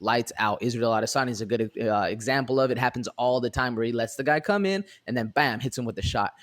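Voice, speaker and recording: A man co-hosting a podcast, giving relaxed, rambling fight analysis, full of fillers and "man". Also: mid-range voice, fast talker. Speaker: podcast co-host. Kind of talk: casual MMA fight analysis.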